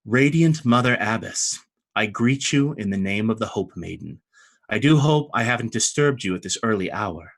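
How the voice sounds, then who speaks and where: A man voicing a calm, earnest priestly official in a tabletop game, speaking with formal courtesy. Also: on the low side, normal speed.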